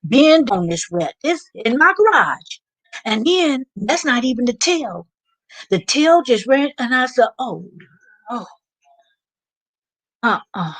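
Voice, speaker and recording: An American woman hosting a live stream, chatting and telling stories with animated asides. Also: on the high side, slow pace, long pauses. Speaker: vlog host. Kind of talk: live stream casual chat.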